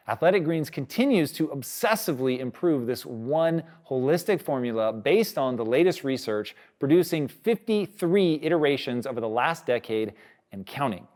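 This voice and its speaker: A man's voice: mid-range voice, a little mellow. A man reading a sponsor advertisement in an upbeat way. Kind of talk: read advertisement.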